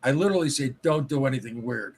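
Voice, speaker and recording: A man's voice: medium pitch, fast talker, a little mellow, a little hiss or hum. A man hosting a casual podcast interview, talking frankly with swearing and many restarts. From Michigan. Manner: candid, swears, stumbling restarts. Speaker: podcast host.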